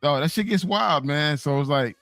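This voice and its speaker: A man co-hosting a casual chat, animated and repeating himself as he talks. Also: a little high, moderate pace, dry recording, studio quality, faint music behind. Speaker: podcast co-host.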